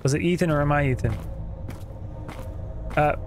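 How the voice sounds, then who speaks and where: A man's voice: on the high side, fairly even intonation, normal speed, pauses often, a little hiss or hum. A man hosting a gaming channel, giving casual, joking running commentary as he plays. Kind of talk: let's play commentary. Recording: game audio playing behind.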